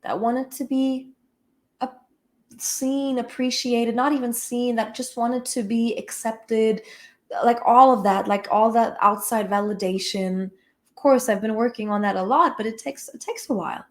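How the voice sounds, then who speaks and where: A woman's voice: a little high, fairly even intonation, a little slow. Frank woman teacher, casual swearing. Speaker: spiritual healing teacher. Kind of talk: candid personal talk.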